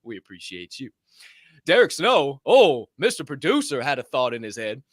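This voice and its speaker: A man co-hosting a podcast, telling stories in a brash, profane, animated way in a casual motivational chat. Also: mid-range voice, normal speed, no room sound, clean studio sound. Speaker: podcast co-host.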